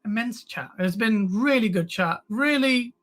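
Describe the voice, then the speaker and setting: A woman's voice: a little high, lively intonation, measured pace. A woman hosting a casual live-stream panel, playful and teasing, often laughing. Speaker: host.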